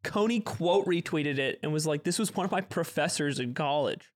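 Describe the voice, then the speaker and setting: A man's voice: on the high side, animated, moderate pace. A man co-hosting a podcast, making dry comments in casual chat. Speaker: podcast co-host.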